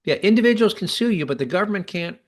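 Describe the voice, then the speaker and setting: A man's voice: high-pitched, animated, quick pace. Chatty man hosting a podcast. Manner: chatty, restarts often while explaining. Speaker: podcast host. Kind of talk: casual talk.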